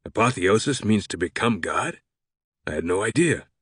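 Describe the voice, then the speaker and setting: A man's voice: lowish voice, lively intonation, moderate pace, fairly bright tone, breathy edge, dry recording, clean studio sound. A man voicing a matter-of-fact male police chief. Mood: surprised.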